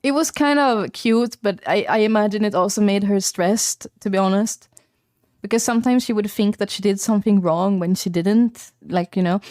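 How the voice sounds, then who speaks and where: Young woman rambling on stream, lots of uh and like, mid pitch, dry close mic. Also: normal speed, a little mellow, no room sound. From Sweden. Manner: chatty, rambling, lots of fillers and quoted voices. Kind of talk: casual chat to a live stream audience.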